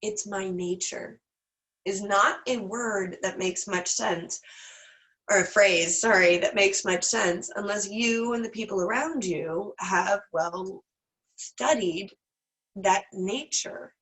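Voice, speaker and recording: A woman's voice: mid-range voice, slow, fairly bright tone, poor audio. A woman leads a casual online class with a candid, self-deprecating manner. She rambles into asides as she goes. She sounds a little teary, her nose stuffed up. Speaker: class teacher.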